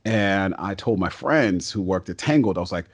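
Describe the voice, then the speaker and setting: A man, a stage and voice actor, telling stories as a podcast guest in an excitable, talkative way. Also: low-pitched, husky. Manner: talkative and excitable, quick bursts and restarts. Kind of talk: casual podcast interview storytelling.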